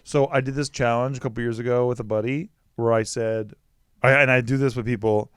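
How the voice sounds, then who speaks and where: A man in his thirties talking movies in casual podcast chat, animated and swearing freely, often breaking into mock quotes. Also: medium pitch, fairly quick, clean tone, no room sound, clean studio sound. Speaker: podcast guest, Batman historian.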